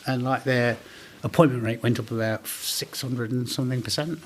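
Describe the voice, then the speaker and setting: A man in his forties telling animated business anecdotes in a casual interview, acting out the dialogue he quotes. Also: mid-range voice, normal speed, a little hiss or hum. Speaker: business owner guest.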